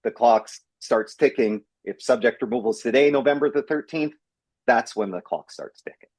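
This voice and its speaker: A man's voice: mid-range voice, moderate pace, a little mellow, husky, dry recording. A man co-hosting a real estate podcast in casual chat, stressing his points by repeating them. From Canada. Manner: emphatic, repeats himself for stress. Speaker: realtor podcast co-host.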